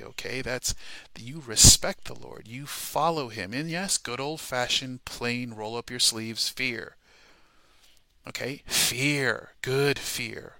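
A man's voice: mid-range voice, sharp tone, dry recording. A man preaching a sermon, emphatic and repetitive, peppering his points with rhetorical questions.

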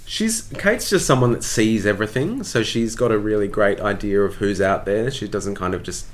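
A man with a very low voice and an Australian accent, from Tasmania, talks easily about his career. His delivery is chatty and self-deprecating, loose and unhurried, like a guest who is comfortable with the host. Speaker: actor, interview guest. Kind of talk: casual interview storytelling.

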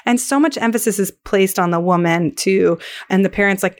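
A woman's voice: mid-range voice, brisk. A woman hosting a podcast, chatting casually and animatedly, telling stories and acting out the voices she quotes. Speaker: podcast host. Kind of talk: casual conversation.

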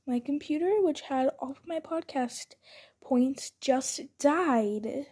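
High-voiced chatty young woman podcaster. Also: slow, mellow. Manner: chatty, scattered, self-interrupting with frequent restarts. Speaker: podcast host. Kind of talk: casual solo podcast bloopers. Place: at home.

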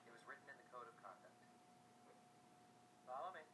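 Formal instructing man, voiced by an actor, game character, mid-pitched voice, loud rumbling noise behind. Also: animated, fairly quick, lightly acted.

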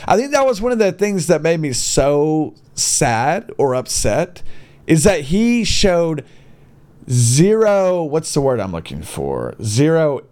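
A young man telling a personal story in a casual monologue, blunt and swearing freely, swinging between high exclamations and low mutters. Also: darkish tone.

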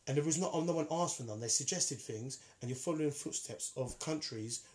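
A man's voice: a little high, fairly quick, darkish tone. A man in a casual debate, talking emphatically and repeating himself as he argues.

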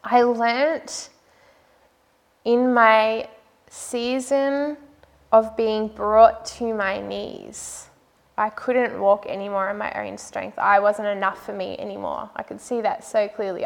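A woman's voice: medium pitch, little pitch movement, takes it slowly, gravelly. A woman sharing a personal faith testimony, earnest and heartfelt, often using "like" as a filler. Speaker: speaker sharing her faith story.

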